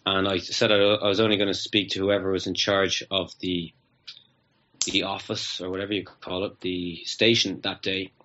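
A man with a low voice tells a story in a casual interview. He rambles, stammers and repeats his words as he talks. The recording sounds dull and lo-fi. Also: level tone, moderate pace, bright, forceful tone, a little hiss or hum. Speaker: interview guest.

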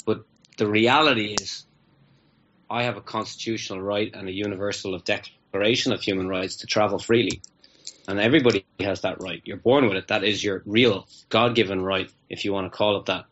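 A man's voice: lowish voice, steady tone, fairly quick, a bit bright, muffled recording. A man, a guest in an interview, telling a long story in a rambling way and often repeating his words. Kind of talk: casual anecdotal storytelling.

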